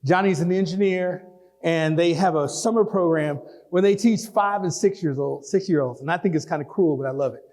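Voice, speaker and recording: A man, giving a folksy, animated public lecture and taking audience questions in a lecture hall. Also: on the high side, brisk. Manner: animated, folksy, talks straight to the crowd. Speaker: guest lecturer.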